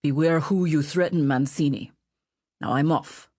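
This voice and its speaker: A woman's voice: sits low, unhurried, a little mellow, no echo, voice pushed down. Lady putting on a grumpy butler guy, blunt and bossy, dry close sound. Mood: scolding. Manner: blunt, scolding. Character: gruff sardonic male butler, bossy.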